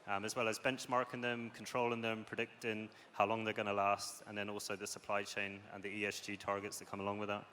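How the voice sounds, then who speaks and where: A man with a low but bright voice delivering a casual startup pitch on stage, dotted with "um"s. The sound carries a long hall reverb and a faint hum of background noise. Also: quick pace, hardly any pauses. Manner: relaxed, filler-laden delivery. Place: large conference hall.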